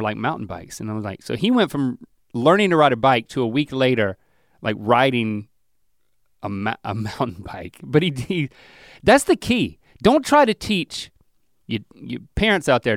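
Rambling, animated man on a podcast. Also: no echo, studio quality. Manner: rambling, self-mocking storytelling with lively pitch swings. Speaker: podcast co-host. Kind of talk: casual comedic chat.

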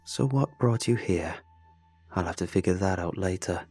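A man voicing a calm, manipulative male prisoner who is a deluded killer, speaking in a smooth, needling, coolly certain way. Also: sits low, moderate pace, soft background music. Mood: taunting.

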